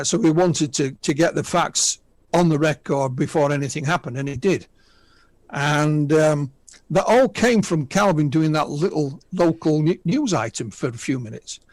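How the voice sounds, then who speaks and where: A man's voice: on the high side, no echo. A man in his sixties from the north of England, with a Northern English accent, chatting as a guest and retelling witness stories with asides. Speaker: guest UFO researcher. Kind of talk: casual radio interview storytelling.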